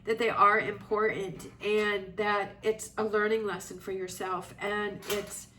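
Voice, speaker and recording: A woman's voice: mid-range voice, flat delivery, unhurried, pushed and bright. A woman giving a tarot reading, talking in a reflective, reassuring, rambling way with many fillers. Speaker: tarot reader. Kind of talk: casual tarot reading monologue. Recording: slightly distant mic with faint noise.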